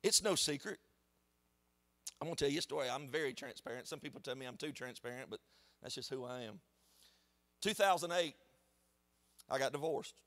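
A man, a pastor preaching a sermon in a church in an animated, conversational storytelling way. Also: medium pitch, brisk, pauses often. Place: church sanctuary.

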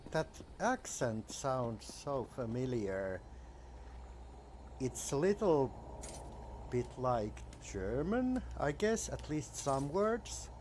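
Unhurried streamer musing over gameplay. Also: medium pitch, sing-song, a little mellow, slight background noise. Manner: hesitant, musing aloud. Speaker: streamer playing a game. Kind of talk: casual gameplay commentary.

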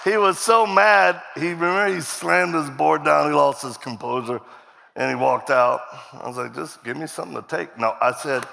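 A man's voice: on the high side, vocal fry, noisy background. A man telling a self-mocking, joke-filled story as a guest speaker in a church sermon, acting out the voices of people he quotes. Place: church stage before a congregation. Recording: long hall reverb from a stage.

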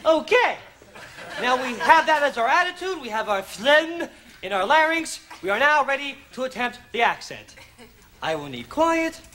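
A man playing a pompous accent teacher in a comedy sketch, with sudden shouts. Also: extremely high pitch, big pitch swings, normal speed. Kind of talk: sketch comedy in front of a live audience. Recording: live studio audience laughter and noise.

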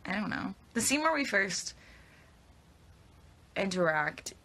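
Gravelly, bright-voiced young woman rambling. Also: mid-range voice, big pitch swings, takes it slowly. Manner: rambling and hesitant, stumbling over words. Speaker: actress answering fan questions. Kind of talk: casual live Q&A with fans. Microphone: phone at arm's length.

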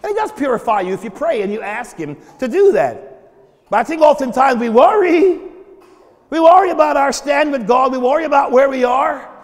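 A pastor delivers a sermon from the pulpit, stumbling over repeated words before bursting into shouted prayers. His voice sits very high for a man. The sound trails off in the long reverb of a big church hall. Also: animated, normal speed.

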